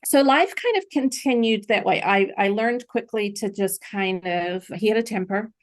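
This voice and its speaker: A woman's voice: mid-range voice, moderate pace. A middle-aged woman, a podcast guest, earnestly recounting a personal story in an interview.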